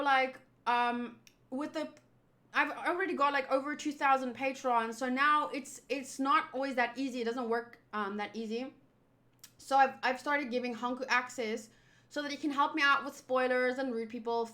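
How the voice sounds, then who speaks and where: A woman's voice: high voice, steady tone, normal speed, pushed and bright. A young woman streamer talking casually and venting to her viewers, frustrated and swearing as she rambles. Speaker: streamer and host.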